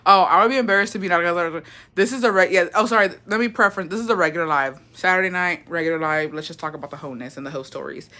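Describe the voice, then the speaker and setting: Woman, 20s, bright voice, swears a lot, gossipy storytime livestream host. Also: on the low side, quick pace. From Mexico. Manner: chatty, profane, gossipy, reads chat aloud.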